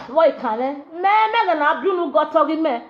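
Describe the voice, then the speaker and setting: A woman with a Nigerian accent rants to camera in Pidgin, her voice pitched high as she scolds and mocks in looping, sing-song repetitions. The sound is dull and lo-fi, like a cheap phone recording. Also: moderate pace. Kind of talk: ranting monologue in Nigerian Pidgin. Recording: dull lo-fi audio.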